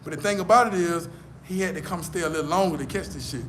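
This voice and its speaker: A man's voice: on the high side, fast, a bit bright, a little hiss or hum. A man giving blunt, profane advice in a casual storytelling rant, hammering his points by repeating them. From United States. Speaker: vlogger.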